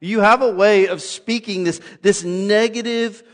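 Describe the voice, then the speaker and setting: Conversational pastor in a reverberant church. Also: male voice, high-pitched, steady tone, measured pace. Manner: conversational, self-deprecating, repeats words when starting a thought. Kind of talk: sermon. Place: church sanctuary. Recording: long hall reverb.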